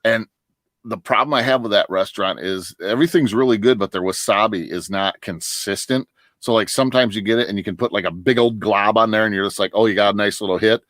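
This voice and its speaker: This middle-aged northern Michigan man talks fast in a fairly low, slightly bright voice, with no room sound. As a livestream guest he chats casually and rambles through lengthy stories, laughing often and restarting again and again.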